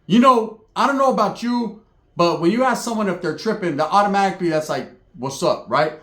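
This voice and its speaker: Man, comic storytelling, profane slang, slightly high voice, echoey room. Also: a little fast, bright, forceful tone. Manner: profane, slangy, acts out other people's voices. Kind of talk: comedic storytelling monologue.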